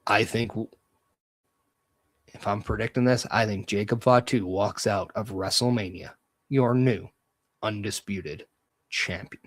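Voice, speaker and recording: Low-voiced man hosting a podcast. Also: unhurried, long pauses, no echo. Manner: energetic, opinionated, loose fantasy-booking talk. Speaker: podcast host. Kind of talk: casual solo commentary.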